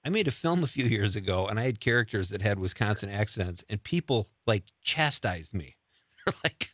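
Guy hosting an interview, bright crisp voice, dry close sound, chatty. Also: on the low side, expressive, moderate pace, no echo. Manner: chatty, laughs along, upbeat. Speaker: interview host. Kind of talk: casual interview chat.

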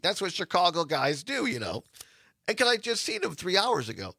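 A man's voice: high-pitched, huge pitch swings, normal speed, gravelly, bright, forceful tone, husky, no room sound, studio quality. A man hosting a casual radio talk show, chatty and laughing often as he reads promos.

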